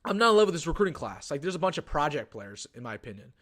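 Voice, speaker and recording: A man's voice: a little high, big pitch swings, very fast, fairly bright tone. A young man hosting a casual sports live stream, thinking aloud with frequent restarts and ums. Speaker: sports livestream host.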